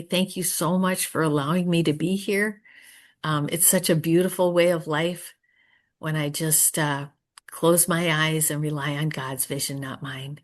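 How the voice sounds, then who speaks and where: Soft-spoken low-voiced woman sharing earnestly. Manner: soft, earnest, prayerful, trails off quietly; hesitant, searching for words. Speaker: speaker sharing at a recovery meeting. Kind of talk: personal share and Q&A answer.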